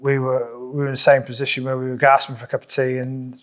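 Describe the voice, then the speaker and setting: A man, a builder co-hosting a casual podcast, talking in an animated way. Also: fast. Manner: animated, mimics customers in high silly voices. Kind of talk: casual chat.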